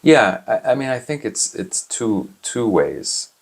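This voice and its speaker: A man's voice: mid-range voice, very animated, slow, creaky, slightly rough. A man answering interview questions in a casual, earnest way, explaining with frequent restarts. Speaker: interview guest.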